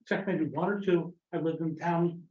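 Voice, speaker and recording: A man's voice: a little high, fairly even intonation, normal speed, darkish tone. A man in his fifties speaking bluntly and scornfully at a town meeting public comment. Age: 50s. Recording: echoey room, dull lo-fi sound.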